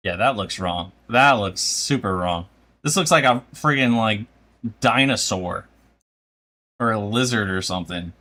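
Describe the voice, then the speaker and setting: A man's voice: lowish voice, a little slow, sharp tone. A man chatting casually on a live stream while he draws, rambling with lots of filler and laughter.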